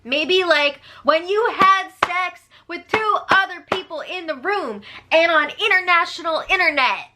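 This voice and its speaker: A woman's voice: extremely high pitch, lively intonation, unhurried, hardly any pauses, pushed and bright, a little hiss or hum. A woman giving a gossipy, sarcastic casual recap of a reality show, breaking into disbelieving exclamations. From United States.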